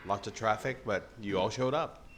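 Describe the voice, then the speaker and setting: A man's voice: fairly low pitch, moderate pace, fairly bright tone. Man from thailand, late fifties, panelist, jovial and joking, emphatic, faint background noise. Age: late 50s. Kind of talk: panel discussion remarks.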